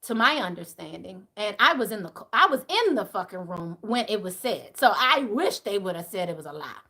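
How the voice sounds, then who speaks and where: A woman hosting a live stream as a spiritual reader, telling a story as a casual rant. She is emphatic and swears freely, swinging between loud outbursts and low asides. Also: big pitch swings, a little fast.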